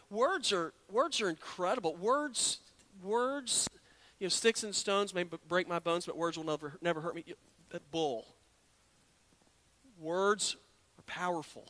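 A man's voice: fairly high pitch, bright, forceful tone. A man preaching a sermon in an earnest, conversational way, often repeating words as he builds a point. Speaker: pastor.

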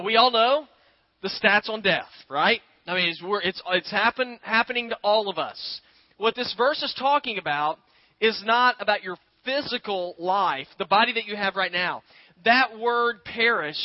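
High-voiced man preaching a conversational sermon. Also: moderate pace, no echo, highs cut off. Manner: conversational preaching, addresses listeners as "guys" and "y'all". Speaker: pastor.

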